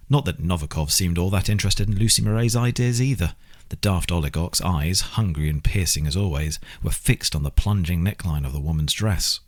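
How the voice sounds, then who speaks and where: Deep, husky male audiobook narrator. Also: a little fast.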